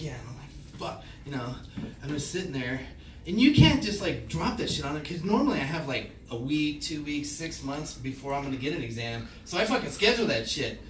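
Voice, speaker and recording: A male stand-up comedian telling a crude, profane story, acting out his own reactions in loud bursts. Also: a little high, roomy sound, recorded from a distance, noisy background. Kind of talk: stand-up set. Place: small comedy club stage. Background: audience laughter.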